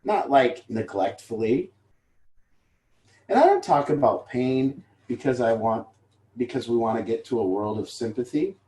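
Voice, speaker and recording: A man's voice: mid-range voice, expressive, unhurried, warm tone. Candid swearing man in an echoey room. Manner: candid, rambling, swears casually. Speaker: recovery group leader. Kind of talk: informal talk to a support group. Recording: roomy echo.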